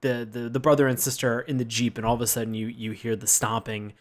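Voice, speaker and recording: A man's voice: level tone, fast. Chatty man laughing through a review. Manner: laughs often, acts out quotes in high yelps. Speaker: podcast co-host. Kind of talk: casual review chat.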